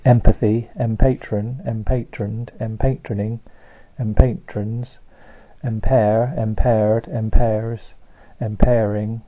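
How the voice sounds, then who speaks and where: A man reading a long list of dictionary words aloud, one at a time, in a flat, steady way. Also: on the low side, highs cut off. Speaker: word list reader.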